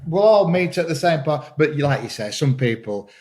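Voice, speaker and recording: A man talking as a podcast guest in casual conversation, enthusiastic and halting, often repeating words as he starts a thought. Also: fairly high pitch, expressive, a little mellow. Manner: enthusiastic, laughs while talking. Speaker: podcast guest, green woodworker.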